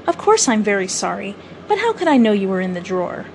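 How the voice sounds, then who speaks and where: A woman's voice: medium pitch, sing-song, fast talker, a little hiss or hum. A woman reading aloud as a passionate, boastful boy who never wants to grow up. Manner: passionate, cocky, boyish.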